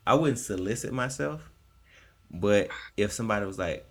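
Gravelly-voiced man in lively podcast banter. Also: on the low side, slow pace, long pauses. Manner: animated storytelling, acts out quoted voices. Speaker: podcast co-host. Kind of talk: casual comedic chat.

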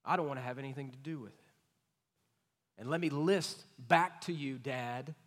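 A man voicing a resentful older son who loudly lists his grievances, heard in a reverberant hall. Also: medium pitch, moderate pace, lightly acted. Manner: loud, indignant, listing grievances. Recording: long reverb of a large hall.

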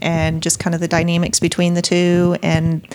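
A woman's voice: lowish voice, monotone, normal speed, darkish tone, slight background noise. A woman co-hosting a podcast, recounting her thoughts in a loose, rambling way full of fillers. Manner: rambling storyteller with many fillers. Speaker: podcast co-host. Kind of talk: casual chat about audiobooks.

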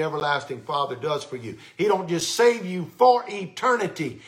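A man's voice: fairly high pitch, moderate pace, few pauses. Fervent preacher, man, church pulpit. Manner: fervent, rising to excited shouts then dropping to soft, intimate tones. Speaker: pastor. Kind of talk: sermon. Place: church sanctuary.

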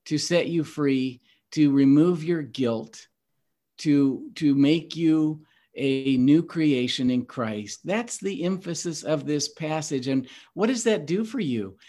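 Brief: male podcast host, preacherly and emphatic, slightly higher voice. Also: takes it slowly, dark tone. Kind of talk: Bible teaching podcast.

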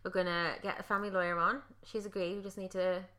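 A woman's voice: mid-range voice, flat delivery, fast, sharp tone. A woman from Wales co-hosting a podcast, chatting casually, swearing now and then and joking at her own expense. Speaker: podcast co-host. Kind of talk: casual chat.

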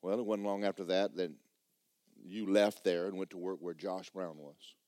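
A man preaching a sermon, telling stories in an animated, repetitive way. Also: low-pitched, moderate pace, dry recording, studio quality.

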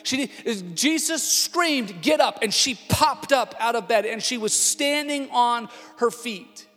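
A man in his thirties, a lead pastor, preaching a sermon with animated storytelling that swings between hushed tones and shouting. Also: very high voice, takes it slowly. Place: church auditorium. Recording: long hall reverb with faint music.

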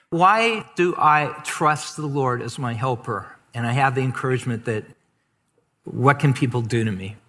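A man's voice: mid-range voice, fairly bright tone. A man preaching a sermon as pastor, reading scripture aloud and stretching out key words for emphasis. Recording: long hall reverb.

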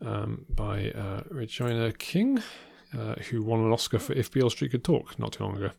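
Low-voiced man reviewing films. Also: lively intonation, normal speed, gravelly, a little mellow, breathy edge. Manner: hesitant, many ums and restarts. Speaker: podcast co-host. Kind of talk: casual film review chat.

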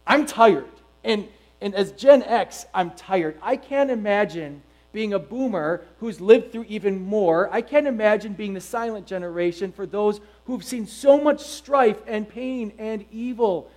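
High-voiced pastor preaching emphatically. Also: male voice, measured pace, rough recording. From United States. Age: middle-aged. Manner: emphatic, animated preaching with rhetorical questions. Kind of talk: sermon.

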